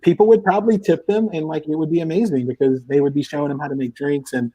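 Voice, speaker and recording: A man's voice: a little high, steady tone, quick pace, mellow. A man guesting on a live podcast, talking in a loose, rambling way with lots of restarts over a remote call. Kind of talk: casual chat. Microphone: headphones or headset, remote call.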